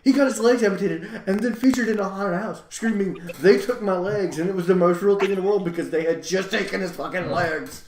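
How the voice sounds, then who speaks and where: Rapid and high-voiced, a male podcast co-host barely pauses as he chats casually, animatedly voicing the people from his stories and their quotes. The room echoes a bit, and there's a little hiss or hum.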